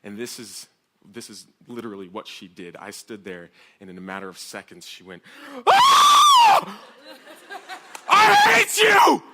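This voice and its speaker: A man's voice: deep voice, brisk, heavy background noise. A young man, a pastor, telling a personal story in a sermon talk to a women's audience, acting out the voices in it. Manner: animated, acts out shouted quotes with laughter. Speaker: youth pastor.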